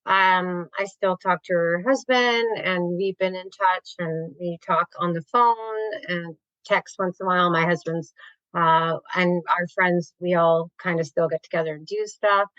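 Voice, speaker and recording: A woman, talking openly and warmly as an interview guest, with many fillers and restarts. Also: lowish voice, fairly even intonation, unhurried, dry recording, dull audio. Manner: open, heartfelt, lots of fillers and restarts. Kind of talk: candid conversational interview.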